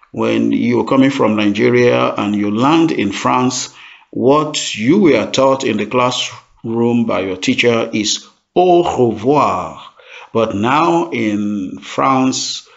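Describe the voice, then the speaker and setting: A middle-aged man gives a beginners' language lesson, pacing each phrase very slowly and repeating it with care. His voice carries a gravelly edge and rises and falls in lively swings. The recording sounds dull and lo-fi. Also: mid-range voice. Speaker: French teacher.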